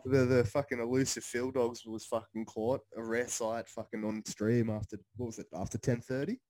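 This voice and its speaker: A young man trades banter, slangy and foul-mouthed, laughing between lines. His voice is at a middling pitch for a man. It is recorded close and dry. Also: flat delivery, moderate pace, a little mellow, dry recording. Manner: laughs often, heavy swearing, slangy. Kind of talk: casual banter.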